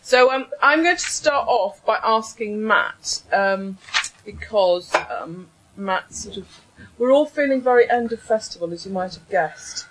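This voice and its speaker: A woman's voice: medium pitch, animated, measured pace, a bit bright, slight background noise, rough recording. A woman hosting a comedy panel, chatty and hesitant, with plenty of ums. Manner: chatty, hesitant, self-mocking. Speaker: host.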